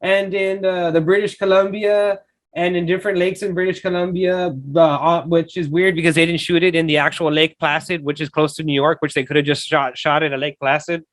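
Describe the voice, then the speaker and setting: A man's voice: fairly high pitch, little pitch movement, brisk, no room sound. A young man co-hosting a podcast, chatting casually about films, profane and rambling, often laughing. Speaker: podcast co-host. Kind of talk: casual film review chat.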